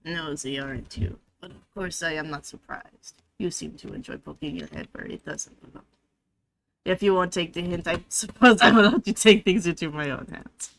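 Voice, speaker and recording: A woman's voice: on the low side, normal speed, a bit bright, voice pushed down. A woman putting on a snooty fake-French cat. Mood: menacing. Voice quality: gravelly, put-on French voice. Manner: disdainful, clipped. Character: haughty, gravelly fake-French female cat.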